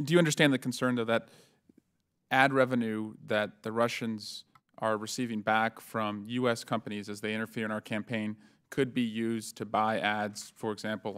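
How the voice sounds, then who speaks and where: Smooth-voiced man questioning at a hearing. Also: fairly low pitch, fairly bright tone. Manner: measured questioning with frequent uh fillers. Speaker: congressman questioning witnesses. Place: hearing room.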